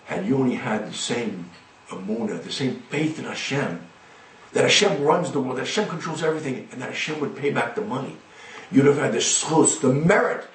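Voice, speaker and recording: A man voicing an old, revered rabbi who speaks in a slow, hushed, solemn way. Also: medium pitch, animated, reverberant, far from the mic, slight background noise, lightly acted, rough recording.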